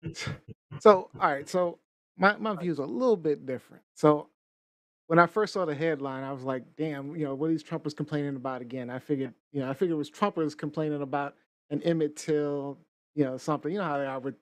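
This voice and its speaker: A man's voice: on the high side, fairly quick, no room sound. A man on a talk-show panel, talking casually as he offers his own differing view. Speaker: co-host.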